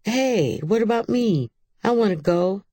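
Eager little girl, voiced by a woman, high and pleading, indignant, dry sound. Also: expressive, unhurried, warm tone, no room sound.

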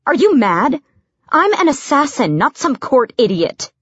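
A woman voicing a defiant, sharp-tongued young woman assassin. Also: mid-range voice, lively intonation, moderate pace, no echo, highs cut off, pitched above the performer's own voice, lightly acted.

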